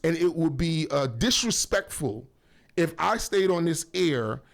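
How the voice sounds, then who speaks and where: Gravelly, rambling male radio host. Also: a little high, lively intonation, unhurried. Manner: rambling and joking, full of shout-outs and self-corrections. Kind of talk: casual talk radio. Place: radio studio.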